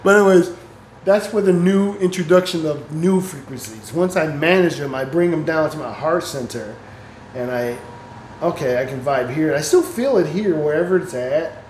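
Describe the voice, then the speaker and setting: A man's voice: fairly high pitch, expressive, normal speed, darkish tone, roomy sound, slight background noise, low-quality recording. A man talking in a casual, rambling spiritual monologue, swearing freely and laughing often as he talks. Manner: rambling, profane, laughs often, reads passages aloud. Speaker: spiritual vlogger.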